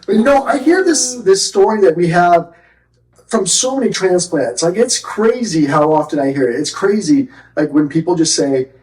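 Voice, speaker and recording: Middle-aged male guest; eager storyteller, slightly high voice, roomy and distant. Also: expressive, moderate pace, darkish tone. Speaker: guest optometrist. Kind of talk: casual chat.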